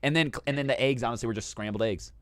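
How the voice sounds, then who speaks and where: An animated man swaps travel stories in a loose, profane chat, tossing "dude" into nearly every sentence. His voice sits at a middling pitch and sounds close and dry, with no room around it. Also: rapid-fire, dry recording. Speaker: host. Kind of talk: casual storytelling chat.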